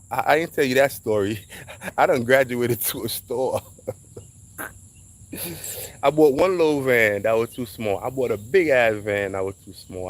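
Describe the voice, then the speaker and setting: A man telling a casual, animated story in slang, acting out quoted voices along the way. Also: medium pitch.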